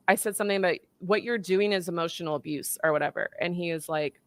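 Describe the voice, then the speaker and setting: Woman in her 30s, pretty low voice, dry close sound, acts out the dialogue as she tells it. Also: quick pace, few pauses, dry recording. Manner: animated, acts out quoted dialogue. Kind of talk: casual storytelling.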